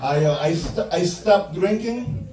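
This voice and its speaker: A man's voice: high voice, expressive, unhurried. A male stand-up comedian doing a profane, punchy set and acting out quotes from his stories. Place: comedy club stage. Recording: roomy club sound from far off, loud crowd laughter. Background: audience laughing.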